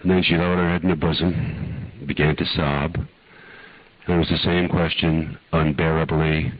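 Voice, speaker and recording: A man's voice: extremely low pitch, flat delivery, measured pace, no echo. An older man preaching in a folksy, dramatic storytelling way that rises to impassioned pleading, on an archive recording. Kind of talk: storytelling sermon. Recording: dull lo-fi archive talk recording.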